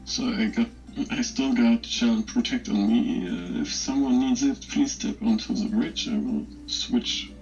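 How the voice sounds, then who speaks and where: A man's voice: medium pitch, fairly even intonation, normal speed, darkish tone, faint music behind. A man chatting in a game raid's voice channel in a laid-back, joking way. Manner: laid-back, laughs between remarks. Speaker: raid player. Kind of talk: casual voice chat while gaming. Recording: muffled voice-chat audio.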